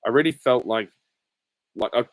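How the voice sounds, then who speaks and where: A man in his twenties answering viewer questions in a casual live Q&A, easygoing and hesitant with frequent ums and soft laughs. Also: medium pitch, moderate pace, no room sound, rough recording. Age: 20s. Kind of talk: casual live Q&A reading chat comments.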